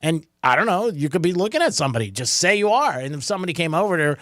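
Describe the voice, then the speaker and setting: A man's voice: on the high side, sing-song, rapid-fire, a bit bright, dry recording, studio quality. A man co-hosting a radio talk show, emphatic and acting out the lines he imagines people saying. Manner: emphatic, acts out quoted lines. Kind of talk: casual radio chat.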